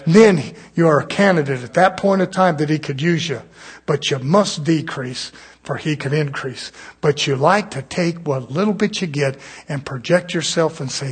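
Husky preacher guy, kinda high voice, gets loud and fired up then drops way down. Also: moderate pace. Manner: preaching, swings between loud fervent crescendos and quiet asides. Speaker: pastor. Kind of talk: sermon.

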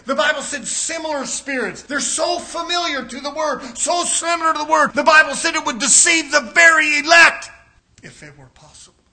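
A man preaching a sermon, moving from quiet explanation to loud, shouted exhortation. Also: very high voice, creaky.

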